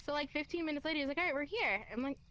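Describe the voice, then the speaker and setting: High-voiced young woman telling a story. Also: very fast, rough recording. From Kentucky, USA. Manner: animated, acts out quoted lines, laughs often, swears. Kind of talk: casual storytelling.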